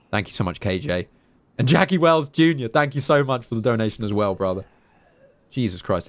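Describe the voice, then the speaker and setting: A man's voice: fairly low pitch, dry recording. A young English man streaming a survival game, chatting casually, swearing freely and thanking donors by name. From England. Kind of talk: live gameplay commentary.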